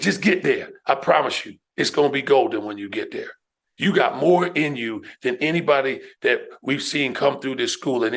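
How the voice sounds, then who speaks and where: Animated middle-aged storyteller man. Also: medium pitch. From New York, USA. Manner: emphatic, animated storyteller who addresses the listener with "man" and "right?". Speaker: guest, educator and speaker. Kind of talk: personal storytelling on a podcast.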